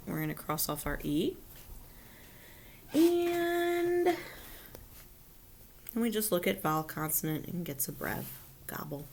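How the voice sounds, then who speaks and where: A woman teacher's fairly low, gravelly voice with a darkish tone leads a recorded phonics lesson for children, with a little hiss or hum in the audio. She goes patiently step by step, checking in with students and often asking "right?".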